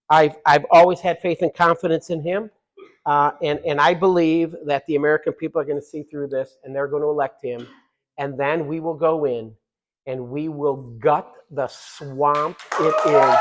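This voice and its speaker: A middle-aged man giving a fiery political speech, loud and punchy with repeated lines and quiet asides. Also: a little high, fairly even intonation, moderate pace, a faint crowd, rough recording.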